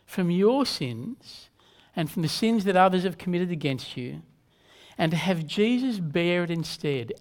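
Earnest man preaching a measured sermon. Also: high voice. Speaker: pastor.

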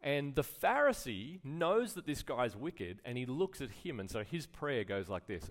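A man's voice: mid-range voice, very animated, unhurried, hardly any pauses. A man preaching a sermon in a conversational way, full of rhetorical questions and acted-out quotes. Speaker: pastor.

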